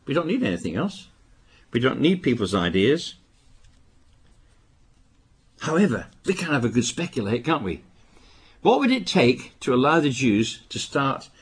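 An older man from Britain preaching a sermon, with emphatic bursts and quieter asides. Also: medium pitch, slightly rough. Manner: emphatic, rising to stress warnings, then dropping to asides.

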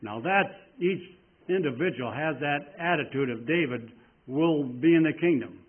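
A man preaching a sermon in a folksy, rambling way, reading scripture slowly with strong emphasis. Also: on the high side, slightly rough. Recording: tinny phone-like sound.

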